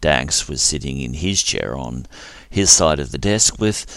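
A man narrating a science-fiction story aloud in a steady, plain reading voice. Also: a bass voice, measured pace, no room sound.

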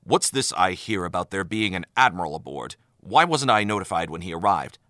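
A brisk, formal male commander, voiced by a male narrator, clipped and authoritative. The voice sits low but moves lively, bright and dry up close. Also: no room sound. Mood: stern.

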